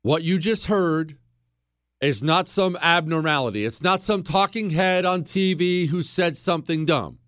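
A man's voice: on the high side, no room sound, studio quality. A man hosting a talk radio show, delivering a blunt, emphatic monologue full of rhetorical questions.

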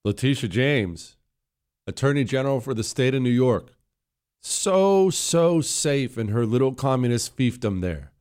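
A man's voice: mid-range voice, animated, a little slow, darkish tone, smooth. A man giving political opinion commentary in a sarcastic, scornful way, hammering points through repetition.

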